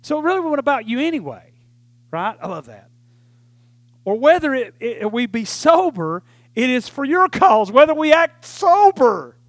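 A male preacher delivers a folksy, animated sermon with frequent "right?" asides. His voice sits very high for a man. The sound is dry and close, with no room echo. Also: moderate pace, long pauses.

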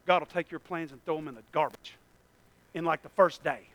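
A pastor preaching a sermon, swinging from soft, mumbled asides to loud, stretched-out cries. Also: male voice, a little high, brisk.

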